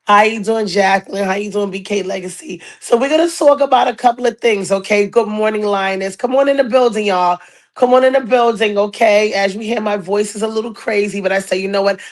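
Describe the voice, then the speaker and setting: A woman with a hoarse, raspy voice from a cold, hosting a casual podcast and greeting viewers in a chatty, repetitive way. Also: medium pitch. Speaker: podcast host. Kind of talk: casual live-stream chat.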